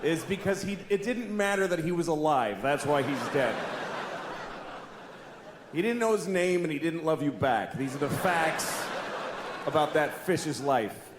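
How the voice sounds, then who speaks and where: A middle-aged man doing a stand-up comedy set, telling stories in a deadpan, profane way with sudden shouted bursts. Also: a little high, a little slow. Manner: profane, deadpan storytelling that jumps to loud shouted outbursts. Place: comedy stage before a live audience. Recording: live show with clear audience noise.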